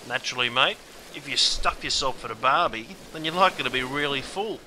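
A man's voice: mid-range voice, fairly quick, background noise. An Australian man narrating comic explanations in a matey, exaggerated, slang-heavy way.

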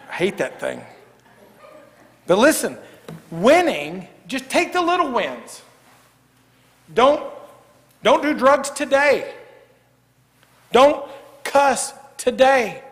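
Animated preacher in an echoing church. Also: male voice, sits high. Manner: lively, jokey, swings from loud to hushed. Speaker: pastor. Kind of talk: sermon. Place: church sanctuary. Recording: echoey church hall.

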